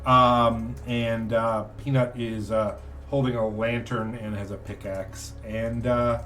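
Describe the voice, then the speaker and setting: A man running a tabletop game as game master, narrating with many pauses and fillers. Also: medium pitch, flat delivery, a bit bright, distant mic, soft background music. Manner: halting, full of uh and um.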